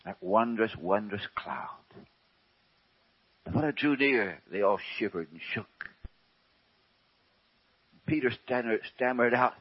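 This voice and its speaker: Husky-voiced preacher with a lively delivery. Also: male voice, on the low side. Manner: slow and emphatic, drops to a hush, asks rhetorical questions. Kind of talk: sermon. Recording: dull lo-fi recording.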